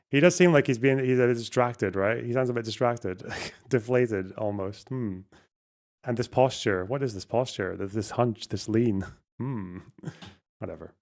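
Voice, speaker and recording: A man's voice: medium pitch, a little mellow. A man hosting a casual livestream, commenting with sardonic asides and swearing freely. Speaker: livestream host.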